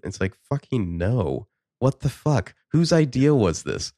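A man's voice: low voice, expressive, normal speed, a little mellow, dry recording, studio quality. A man co-hosting a podcast, chatting casually and bluntly, exasperated and swearing. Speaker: podcast co-host. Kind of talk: casual chat.

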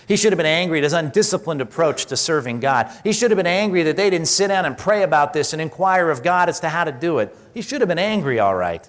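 A male pastor with a somewhat high voice delivers a sermon in an easy, conversational way. He asks the congregation questions and acts out the words of people in the passage. A long reverb trails his voice through the hall. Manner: conversational preaching with rhetorical questions and animated acted-out quotes.

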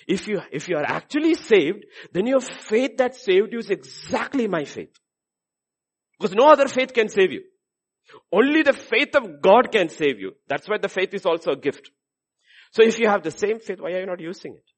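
This pastor's sermon moves at normal speed with frequent pauses. He drifts from low, thoughtful remarks into loud, animated sections, impersonating the people he quotes.

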